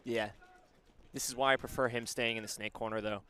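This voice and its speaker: A man's voice: mid-range voice, steady tone, a little fast, bright, forceful tone, clean tone. A man commentating a live paintball match in a casual, joking way, with ums, his voice a little worn. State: losing his voice.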